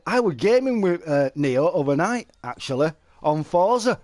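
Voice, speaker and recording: A man's voice: high-pitched, very animated, normal speed, hardly any pauses, darkish tone. A middle-aged man, chatting casually to viewers on a live stream and telling stories. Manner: chatty, storytelling, calls listeners mate.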